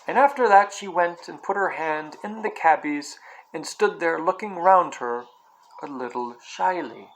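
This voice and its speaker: A man reading a novel aloud in a calm storytelling way, with his own asides. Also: a little high, unhurried, a little hiss or hum, low-quality recording. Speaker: reader.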